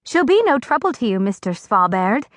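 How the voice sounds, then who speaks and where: A woman voicing a harsh, scheming aunt in an audiobook, yelling sharp orders. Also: on the high side, very animated, normal speed, no echo, clean studio sound. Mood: bossy.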